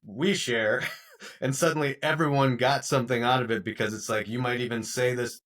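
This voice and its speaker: A man's voice: mid-range voice, fairly even intonation, moderate pace, a bit bright. A man co-hosting a podcast in casual chat, speaking openly and reflectively about his feelings. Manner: open, reflective, candid about emotions. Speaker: podcast co-host.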